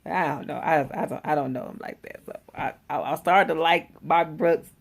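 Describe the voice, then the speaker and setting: A woman casually recapping a TV episode, animated and slangy, exclaiming as she retells scenes. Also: low voice, moderate pace, creaky. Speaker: TV episode reviewer.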